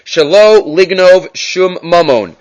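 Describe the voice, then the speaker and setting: A man giving a casual Torah class, switching between Hebrew terms and English, with animated emphasis on key points. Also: high-pitched, takes it slowly, lo-fi sound. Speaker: Torah teacher. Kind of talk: daily Torah class on the mitzvot.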